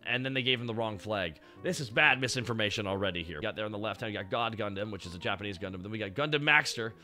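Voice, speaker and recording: A man hosting a casual chat and reviewing robot designs, excitable and rambling, and swearing freely as he goes. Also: on the low side, racing, faint music behind. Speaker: show host.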